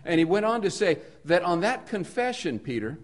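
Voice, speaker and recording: A man preaching a sermon in an earnest voice, building his points through repetition and moving between soft, low passages and emphatic ones. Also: big pitch swings, moderate pace.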